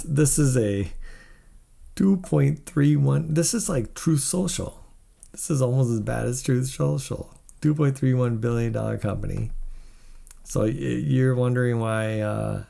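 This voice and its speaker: A man's voice: medium pitch, gravelly, dark tone. A tired man hosting a tech video, talking casually and skeptically through financial figures, blunt and rambling, yawning as he goes.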